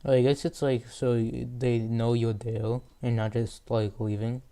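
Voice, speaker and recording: Teenage boy host, mellow and smooth. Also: medium pitch, little pitch movement, measured pace. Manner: rambling, lots of fillers. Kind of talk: casual interview.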